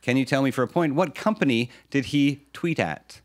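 A man's voice: mid-range voice, moderate pace. A man hosting a comedic radio news quiz, posing questions and teasing the panel with wry replies. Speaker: quiz show host.

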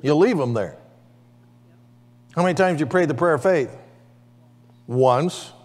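This pastor's voice is a little high and a little mellow, and he preaches in an animated but unhurried way. Inside a church sanctuary with long hall reverb, he calls for amens from the congregation in call-and-response throughout his sermon.

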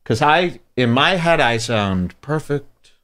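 Male host, sarcastic riffing, animated swooping delivery. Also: medium pitch, slow pace. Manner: sarcastic, riffs into loud mocking impressions. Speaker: podcast host. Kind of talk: mocking commentary over clips.

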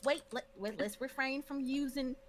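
Woman doing a calm doctor, soothing mediator, highish voice, little hiss behind, game role-play. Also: moderate pace, lightly acted. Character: patient calm doctor counseling a family. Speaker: streamer.

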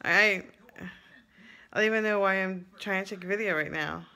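A vlogger in her thirties talks at normal speed in a mid-range voice that comes across pushed and bright. Often sitting in her car with a handheld camera at arm's length, she chats and vents, going from tired to upbeat.

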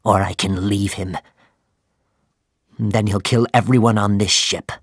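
Guy doing a first mate begging, raised voice, slow and gravelly. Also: on the low side, fairly even intonation, no echo, clean studio sound. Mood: torn, quiet. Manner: pleading, urgent. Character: pleading first mate, grown man.

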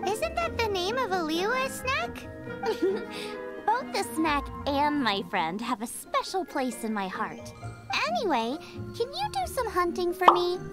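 A woman's voice: very high-pitched, full character voice. An actress playing a cheerful, food-obsessed young woman chef in a video game, talking eagerly and rambling about recipes. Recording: game audio with background music. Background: game music.

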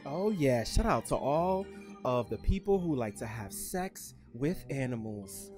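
A woman hosting a streamed trivia night, with loud, joking, slangy banter and quick put-on voices. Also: very deep voice, big pitch swings, soft background music. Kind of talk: casual streamed game commentary.

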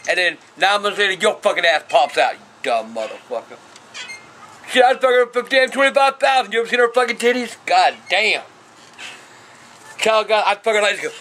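Gruff dad type, middle-aged, profane and blunt, keyed-up high voice. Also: male voice, normal speed, slight background noise. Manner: foul-mouthed, blunt, bursts into shouted curses. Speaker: father answering viewer questions. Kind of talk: profane casual Q&A.

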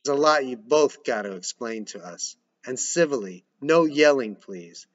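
A man's voice: mid-range voice, animated, measured pace. A man voicing a tired, dry-humored mother. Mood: weary. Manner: dry, exasperated. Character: weary wry mother, tired of the family. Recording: dull lo-fi recording.

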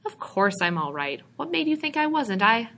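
A woman's voice: a little high, big pitch swings, normal speed, a bit bright, pitched above the performer's own voice. A woman reading aloud, voicing a weary young male bank clerk who sounds bitter and scoffing, his voice rising. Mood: despairing.

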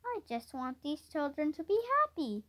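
A woman reading the lines of a quiet, kind man, the town doctor in a storybook. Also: high voice, sing-song, moderate pace. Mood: gentle. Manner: quiet, kindly. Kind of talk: storybook character voice.

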